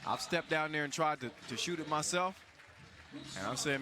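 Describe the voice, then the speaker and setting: A man's voice: a little high, animated, fairly quick. A man calling live basketball play-by-play in a casual, joking way, full of fillers and restarts. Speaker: sports commentator. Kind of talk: live sports commentary. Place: basketball event venue.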